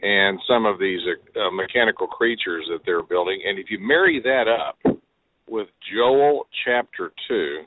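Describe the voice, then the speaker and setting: A man's voice: lowish voice, animated, measured pace. A man calling in to a talk radio show and explaining his points earnestly and in detail. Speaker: caller. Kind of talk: call-in talk. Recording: dry phone line.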